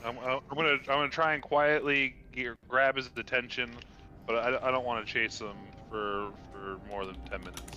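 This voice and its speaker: A man playing in a casual tabletop game, quick and joking. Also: mid-range voice, fairly even intonation, sharp tone, highs cut off. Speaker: player.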